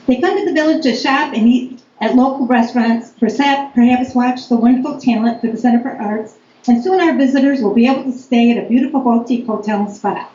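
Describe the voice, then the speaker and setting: A woman giving a firm, deliberate public comment as a local business owner at a town board meeting. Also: fairly high pitch, mellow. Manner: firm, deliberate, reading aloud. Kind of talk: reading a prepared public comment. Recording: echoey meeting room, dull lo-fi audio, faint noise.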